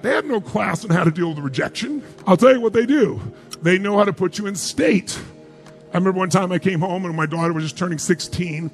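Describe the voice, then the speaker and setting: A man's voice: high voice, expressive, a little fast, soft background music. A man giving a live seminar speech as a motivational speaker, emphatic and firing rhetorical questions at the crowd.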